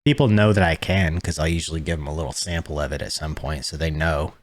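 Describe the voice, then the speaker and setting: A young adult man co-hosting a podcast, talking in a calm, low-key way and swearing casually. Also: fast talker. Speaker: podcast co-host. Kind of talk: casual chat.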